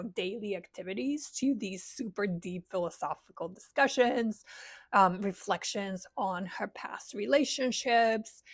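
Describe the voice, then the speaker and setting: A woman's voice: medium pitch, no room sound. A woman enthusiastically recommending books in a casual, rambling vlog, gushing about what she loves. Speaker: book reviewer.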